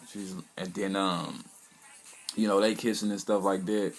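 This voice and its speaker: A man's voice: low voice, fairly even intonation, unhurried. A man casually recapping an anime episode, rambling along with lots of "you know" and "um". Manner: rambling, loose retelling packed with "you know" and "um". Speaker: anime reviewer.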